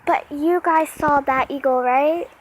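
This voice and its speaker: Woman vlogger, high voice, outdoors, chatty, on a phone camera, faint background noise. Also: fairly even intonation, unhurried. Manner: chatty, talks straight to viewers. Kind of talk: casual vlog narration to viewers. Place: outdoors under a stormy sky.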